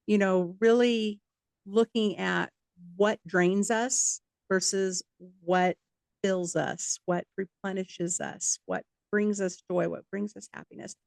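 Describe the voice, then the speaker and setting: Woman podcast host; affirming and reflective, gravelly texture, dry close sound. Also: medium pitch, no echo. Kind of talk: podcast conversation.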